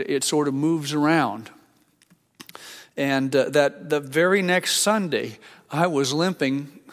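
An older man preaching a sermon as a pastor, conversational and halting, with frequent restarts. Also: a little high. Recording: long hall reverb.

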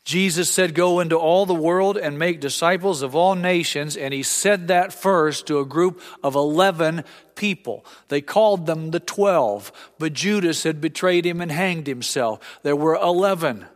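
A man's voice: fairly high pitch, a little slow, in a large hall. A man preaching a sermon, telling stories earnestly and acting out the voices of people in them. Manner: earnest storytelling, acts out voices. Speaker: pastor.

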